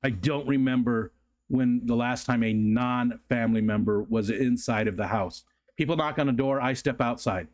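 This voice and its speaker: A man talking casually on a livestream from his house. He rambles in an easygoing way, leans on fillers, and sits at a middle pitch. It sounds like relaxed, unscripted chat with his viewers. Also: normal speed, muffled recording. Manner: rises to a high sing-song baby voice when talking to his dog. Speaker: livestream host. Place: home room.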